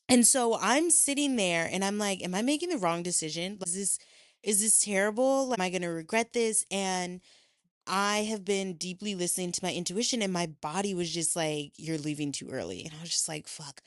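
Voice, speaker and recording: A young adult woman hosting a podcast, telling a personal story in a casual, animated way, swearing freely and acting out what people said. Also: fairly low pitch, no room sound, studio quality. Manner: animated, swears freely, acts out quoted voices. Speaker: podcast host.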